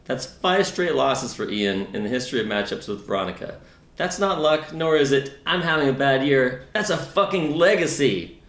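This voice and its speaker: A man's voice: mid-range voice, animated, moderate pace, a bit bright. A man co-hosting a mock news recap of a fantasy league, delivering the scores with dry, sardonic jabs. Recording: roomy echo.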